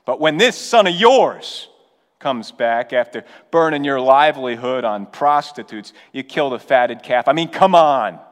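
A preacher acting out a resentful, self-righteous elder brother who complains indignantly. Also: male voice, medium pitch, expressive, measured pace, big-room sound, lightly acted. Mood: seething.

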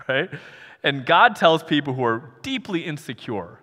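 A man preaching a sermon as pastor, animated, acting out imagined voices and laughing now and then. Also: fairly high pitch, unhurried. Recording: long hall reverb.

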